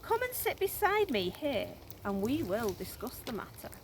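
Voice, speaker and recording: A woman voicing a sly, smooth-talking male crocodile who speaks slowly and coaxingly in a storybook reading. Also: fairly high pitch, huge pitch swings, a little hiss or hum. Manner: slow, coaxing, drawn-out.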